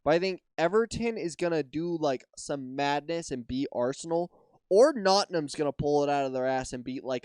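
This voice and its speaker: A man's voice: on the high side, darkish tone, clean tone, no echo, studio quality. A young American man hosting a casual solo podcast, swearing freely, trailing off and restarting, tired and yawning. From United States. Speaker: podcast host.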